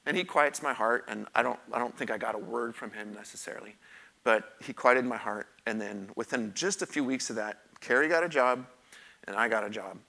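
Middle-aged male pastor, bright forceful voice, candid preaching with repeated emphatic phrases. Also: medium pitch, brisk, gravelly. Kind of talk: sermon with personal testimony.

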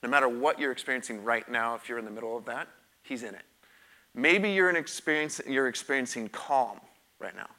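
Bright-voiced man preaching candidly. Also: medium pitch, fairly quick. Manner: candid, conversational preaching with emphatic repetition. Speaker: pastor. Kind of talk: sermon with personal testimony.

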